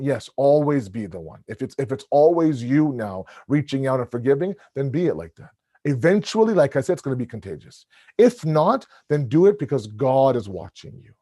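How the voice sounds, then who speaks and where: A man with a booming voice giving an animated religious family lecture over a video call, often restarting his words. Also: normal speed, no echo, clean studio sound.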